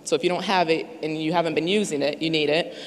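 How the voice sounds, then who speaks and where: A woman's voice: sits low, steady tone. Hesitant woman speaking in a reverberant hall. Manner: hesitant, many filler pauses. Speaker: panel speaker. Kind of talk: personal testimony at a live event. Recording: echoey event hall.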